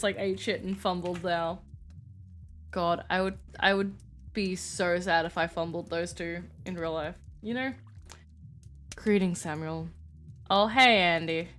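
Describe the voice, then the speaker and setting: A woman's voice: mid-range voice, fairly even intonation, moderate pace, a bit bright, slight background noise. A young woman streaming a game, flustered and laughing, who swears casually and talks to her chat. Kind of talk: live-streamed game playthrough.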